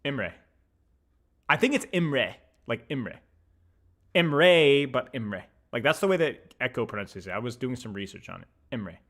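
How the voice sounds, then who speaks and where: Young guy streamer, bright voice, pitch all over the place, keeps yelling in fake outrage. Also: unhurried. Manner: animated, flares into mock-outraged shouting. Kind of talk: casual pronunciation chat.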